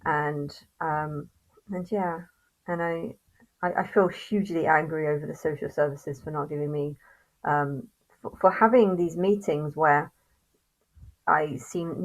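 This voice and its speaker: A woman with a fairly low voice rants straight to the camera in a vlog. She sounds angry and halting, swears freely and keeps restarting her sentences. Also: fairly even intonation, poor audio. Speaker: vlogger. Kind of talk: ranting monologue to camera.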